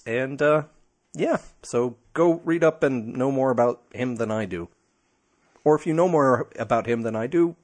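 A male podcast co-host who talks at an ordinary middle pitch. He rambles through his points with plenty of ums and uhs, joking at his own expense in a relaxed chat. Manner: rambling, self-deprecating, many fillers. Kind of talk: casual chat.

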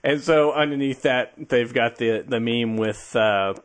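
A man's voice: medium pitch, measured pace. A man hosting a podcast, talking casually and conversationally, easily amused. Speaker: podcast host.

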